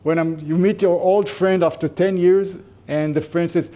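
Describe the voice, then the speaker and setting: A male lecturer speaks to a class in a mellow, somewhat high voice. His delivery is conversational and informal, with jokey asides between points. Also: steady tone, moderate pace, hardly any pauses.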